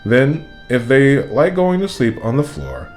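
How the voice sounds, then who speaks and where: A man reading a storybook aloud, voicing a gentle, simple male teddy bear who talks politely and mildly. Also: medium pitch, huge pitch swings, a little slow, faint music behind, pitched above the performer's own voice.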